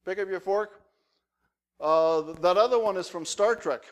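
A male pastor preaching to his congregation with a slightly raised pitch. He tells stories in an animated, humorous way and keeps the sermon conversational. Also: normal speed, a little hiss or hum. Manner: animated anecdotal storytelling with humor.

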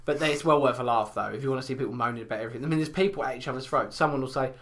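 A man's voice: medium pitch, very fast, fairly bright tone. A man, talking in an easy, rambling chat. He swears a lot and winds himself up, now and then mimicking others in put-on voices. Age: 20s. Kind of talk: casual chat.

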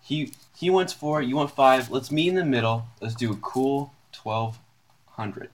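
A man's voice: medium pitch, a little slow. A young man playing a tabletop game, cocky and giggly, haggling stubbornly in character. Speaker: player.

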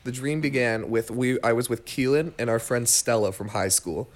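A man's voice: mid-range voice, moderate pace. Young guy rambling thru a dream story, lots of likes and ums, laughing at himself. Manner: rambling, filler-heavy, self-amused. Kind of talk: casual chat, storytelling.

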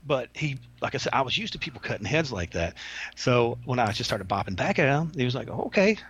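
A man's voice: mid-range voice, expressive, fairly quick, fairly bright tone, breathy edge, dull audio. A man who used to work as a prison officer, telling stories in a rambling, folksy way with many restarts and some slang. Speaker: former prison officer, guest. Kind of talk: casual podcast storytelling.

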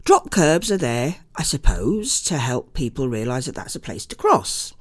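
An older woman hosting a local radio show, chatting casually and greeting listeners warmly by name, a little under the weather. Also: rumbling low, sing-song, a little slow, husky. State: unwell. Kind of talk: casual radio chat and rambling monologue.

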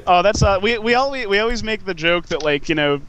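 A man with a fairly high voice leads an easygoing conversation. He rambles a little, restarts his sentences and keeps chuckling between thoughts. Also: lively intonation, fast talker, a bit bright, clear, resonant tone, dull audio. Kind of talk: casual chat.

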